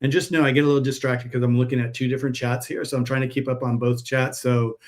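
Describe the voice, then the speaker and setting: A man's voice: medium pitch, flat delivery, quick pace. A man chatting casually on a live stream while packing orders, telling rambling stories in a friendly sales manner. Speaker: herbal pet supplement seller.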